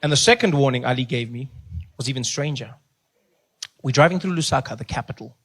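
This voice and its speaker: Animated South African stand-up comedian. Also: male voice, medium pitch, brisk, husky. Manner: animated storytelling, laughing at his own jokes.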